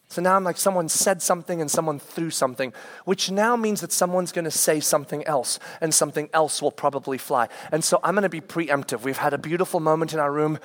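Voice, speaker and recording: A man in his forties preaches with a light, high-pitched voice. He tells a family story with comic timing and jumps into quoted voices to act out the scenes, poking fun at himself along the way. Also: fairly bright tone. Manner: self-deprecating humor. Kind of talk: humorous sermon storytelling.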